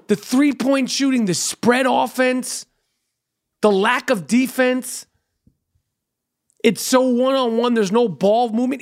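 A man with a notably high voice rambles through a casual podcast monologue, swearing freely and circling back on himself with ums and uhs. The sound is close and dry, with no room around it. He talks like a comedian catching up with his listeners. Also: vocal fry, no room sound. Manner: profane, loose storytelling with frequent fillers. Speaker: podcast host and stand-up comedian.

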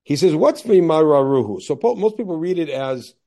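This man, a rabbi, teaches a biblical passage methodically, raising his own questions and then resolving them. Before each explanation he reads the old verses slowly; his pitch is fairly high, with a sing-song lilt and a dark tone.

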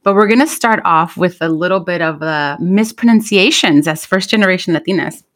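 A woman's voice: lowish voice, fairly quick. Woman podcast co-host, Spanish-first speaker, chatty and laughing, casual storytelling. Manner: laughs often while telling stories, switches into Spanish. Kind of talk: casual chat.

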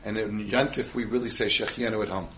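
A man's voice: fairly low pitch, steady tone, fast, a bit bright, a little hiss or hum. A man leads a Torah class, steadily posing questions to his listeners before explaining the answer. The recording is a little dull, with faint ambience in the background. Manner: quizzes the audience with frequent questions. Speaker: rabbi teaching a class.

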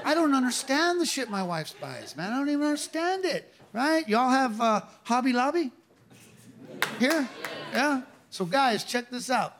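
A man's voice: very high-pitched, very animated, normal speed. A man doing a stand-up comedy set on a club stage, exasperated and conversational as he plays to the crowd. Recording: live club with crowd laughter and noise. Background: audience laughter.

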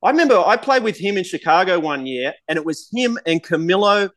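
An Australian man in his forties with a fairly high voice tells stories as a podcast guest. He laughs often and swears freely, in a loose, candid way. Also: lively intonation, a little fast, a bit bright. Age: 40s. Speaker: guest, golf pro. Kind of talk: casual podcast storytelling.

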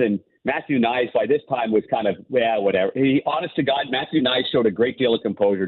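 With a breathy edge to his medium-pitched voice, this ex-goalie and hockey analyst phones in for a relaxed interview. He rambles through anecdotes, often starting over, and the phone recording sounds tinny.

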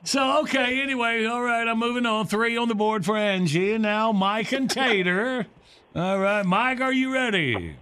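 A man's voice: sits high, a little slow, pushed and bright, smooth. A man hosting a word game on a radio show, with upbeat game-show patter and frequent laughter.

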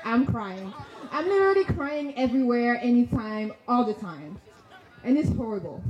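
Animated young woman in a roomy hall. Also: fairly high pitch. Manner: animated, slangy, laughing often. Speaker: storyteller on stage. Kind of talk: personal story told to an audience. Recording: dull, roomy sound with faint noise.

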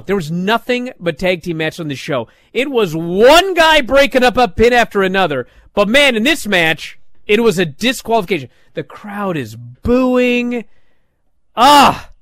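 A man's voice: high voice, sing-song, normal speed, a bit bright, no echo. A man recapping a wrestling show in a casual, exasperated and sarcastic way.

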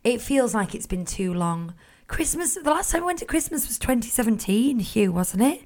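A woman's voice: a little high, big pitch swings, moderate pace, a little mellow. Woman answering listener chat. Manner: reads listener chat questions and answers them practically. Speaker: podcast co-host. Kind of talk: casual podcast chat.

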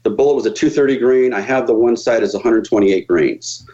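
A man's voice: mid-range voice, a little fast, highs cut off, a little hiss or hum. A man telling stories as a podcast guest, swearing freely and acting out the people in them. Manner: profane, animated, acts out quoted voices. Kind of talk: casual storytelling on a podcast.

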